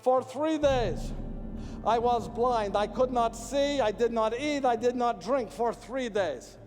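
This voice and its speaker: Man, very high voice, dramatic first-person storyteller, echoey hall, faint music underneath. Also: slow. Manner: dramatic, repeats phrases for emphasis, raises voice when calling out. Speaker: actor portraying a biblical figure.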